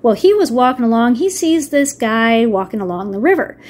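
A woman's voice: on the high side, expressive, normal speed, a little mellow. A woman casually retelling a book, reading passages aloud and adding wry asides. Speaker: video reviewer. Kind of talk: casual book-summary narration.

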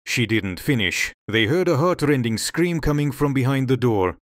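Male storybook narrator, steady delivery, dry booth sound. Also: mid-range voice, moderate pace, hardly any pauses, no echo.

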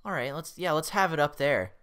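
Excitable, foul-mouthed young gamer guy. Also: a little high, fairly quick, clear, resonant tone. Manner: excitable, swears often, yelps when startled. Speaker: let's play host. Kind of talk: casual gameplay commentary.

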